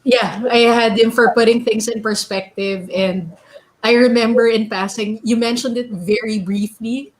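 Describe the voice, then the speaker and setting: A woman hosting a radio talk show who gives hesitant, unhurried replies. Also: a little high, fairly even intonation, poor audio. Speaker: host. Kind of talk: casual radio conversation.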